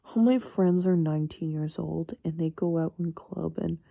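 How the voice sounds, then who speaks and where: A young woman of eighteen chats alone late at night, rambling and blunt, with plenty of swearing and small laughs. Her voice sits fairly low with a heavy vocal fry and a very mellow, dark tone. The sound is dry and close, with no room around it. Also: fairly even intonation, normal speed, no room sound. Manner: rambling, frank, swears freely, chuckles often. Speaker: university student. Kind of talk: casual late-night solo chat.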